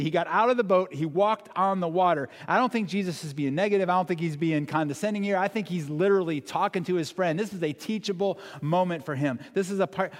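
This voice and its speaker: Male pastor, somewhat high voice, casual-earnest sermon, long hall reverb. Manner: earnest, conversational preaching with rhetorical questions.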